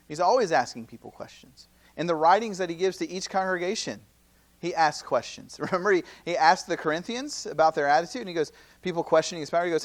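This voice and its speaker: A man in his late thirties, his voice sitting a little high, teaching a youth seminar in a loose, conversational way. He keeps asking rhetorical questions and checking in with "right?". Now and then he slips into quick acted-out quotes of other people. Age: 30s. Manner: acts out quoted speakers in lively asides. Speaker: campus minister.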